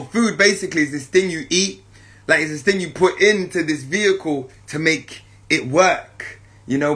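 A man's voice: a little high, sharp tone. A man giving a casual, jovial spiritual monologue, laughing often and talking in slang with lots of repetition.

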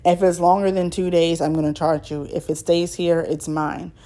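Woman voicing a gruff, joking mechanic, grown man, lowish register. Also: moderate pace, close to an everyday voice. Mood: teasing. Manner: deadpan teasing, blunt.

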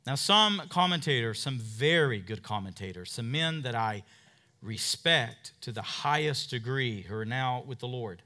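A man in his thirties preaching a sermon as pastor, emphatic, calling out for amens from the congregation and swinging from quiet asides to loud, driving points. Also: mid-range voice, expressive, a little slow.

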